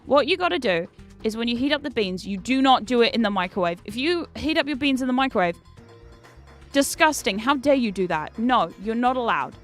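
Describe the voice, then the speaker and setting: Soft music plays behind this young British VTuber as she gives chatty, casual commentary on her game, swearing and erupting in frustrated shouts. Her voice is a little high, animated, and a little fast.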